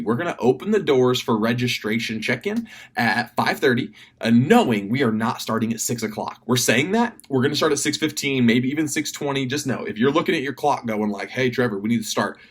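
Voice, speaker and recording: A man's voice: medium pitch, a bit bright. Rambling man briefing camp volunteers. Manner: fast, rambling, lots of fillers and restarts. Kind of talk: casual instructional video message. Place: indoors at a desk.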